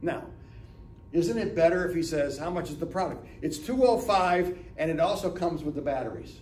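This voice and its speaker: A man's voice: fairly high pitch, animated, moderate pace, a little mellow. A man in his seventies from Northeast Ohio gives a business talk as a chatty storyteller, acting out dialogue and often asking "right?". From Northeast Ohio, USA. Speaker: guest speaker at a business lunch talk. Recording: echoey room, mic from far off.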